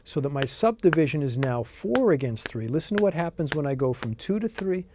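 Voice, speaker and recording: A man's voice: a little high, very animated, brisk, heavy background noise. A middle-aged man teaching a guitar lesson, explaining rhythm in an easygoing way and counting beats aloud between demonstrations. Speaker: guitar instructor.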